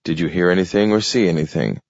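A man voicing a firm, quietly determined young man in a storybook reading. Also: low-pitched, fast talker, creaky, dry recording, muffled recording.

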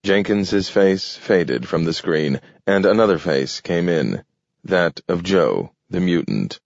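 A man reads a story aloud in a steady, measured way, his voice very low and deep. The sound is dry, with no room, and a little muted at the top. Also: creaky, dry recording. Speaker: narrator. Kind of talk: scripted audiobook narration. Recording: dull, dry studio read.

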